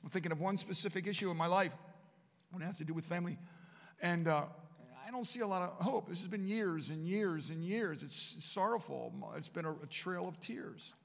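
A man preaching a sermon to students at a Bible college. He is impassioned and swings between hushed lines and emphatic ones. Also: sits high, fairly quick, vocal fry. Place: large room at a Bible college. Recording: long hall reverb.

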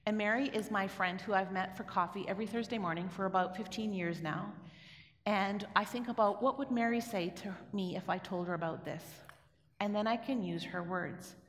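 In a long-reverb, echoey hall, a middle-aged Canadian speaker talks briskly in a mid-range voice, recounting a personal story conversationally and regularly questioning her listeners.

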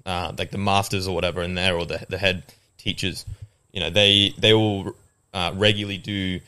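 Young guy on a podcast, lowish voice, rambles with lots of likes and restarts. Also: level tone, moderate pace, bright, forceful tone, clear, resonant tone. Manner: rambling, many fillers and restarts. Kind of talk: casual podcast chat.

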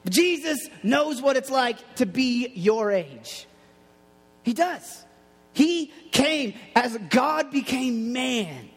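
A man's voice: very high-pitched, animated, drawn-out words, a bit bright, slightly rough. A man preaching a casual, playful sermon to young people, telling stories and acting out what people say. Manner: playful, storytelling, acts out quotes. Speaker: youth pastor. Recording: long hall reverb.

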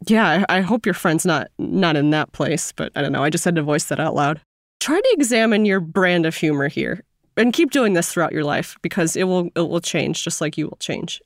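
Thoughtful lower-voiced woman podcast host. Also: animated, brisk, dry recording, clean studio sound. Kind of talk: casual advice chat.

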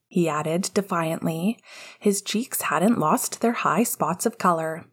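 Woman narrator for fan fiction audiobook, breathy, lowish, soft and even. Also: slow pace.

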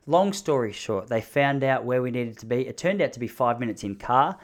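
A man's voice: mid-range voice, brisk. A man in his thirties telling a story casually and with animation. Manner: animated, mimics the people in his stories. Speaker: vlogger.

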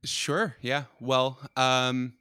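Dude guesting on a podcast, deadpan wry jokes, mid pitch, dry sound. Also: male voice, extremely slow, clean tone, no echo. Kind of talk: casual chat.

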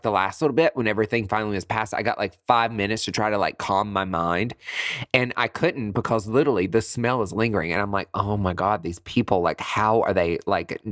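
A podcast host telling a comedic personal story in a chatty, animated way, laughing often. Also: deep voice, no echo, clean studio sound.

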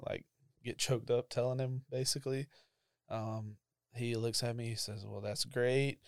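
A man's voice: mid-range voice, level tone, moderate pace, a little mellow, clear, resonant tone, no room sound, studio quality. Young man telling his story. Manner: conversational storytelling with frequent fillers, emotional. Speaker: church ministry staff member. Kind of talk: casual personal testimony.

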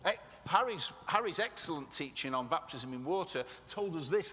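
A man delivers a sermon with passion, breaking off for joking asides to his congregation. His voice sits high and sounds bright and forceful. It carries the long echo of a large hall. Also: lively intonation, moderate pace, hardly any pauses. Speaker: preacher. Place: church meeting room. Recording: echoey hall.

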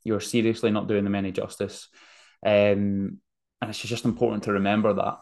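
A man's voice: on the low side, flat delivery, fairly quick, creaky, a little mellow. A man hosting a podcast, telling a story in a casual, rambling monologue and correcting himself as he goes. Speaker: podcast host.

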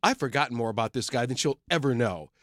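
A middle-aged man from Detroit who hosts a film show, telling animated stories in casual chat and acting out the people he quotes. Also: mid-range voice, fast talker, no room sound, studio quality. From Detroit, USA. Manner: animated storyteller who acts out quoted voices.

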